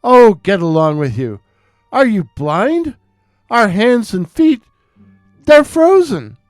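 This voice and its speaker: Guy putting on whiny bickering sisters, higher voice, crisp and dry. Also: sing-song, slow, no room sound, faint music behind, full character voice. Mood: angry. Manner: raised, petulant, bickering. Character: two spoiled quarrelsome young sisters. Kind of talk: storytelling.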